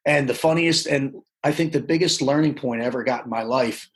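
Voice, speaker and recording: Animated man telling stories. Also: medium pitch, fairly quick, rough recording. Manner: animated storyteller, acts out quotes. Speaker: podcast guest. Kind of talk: casual storytelling interview.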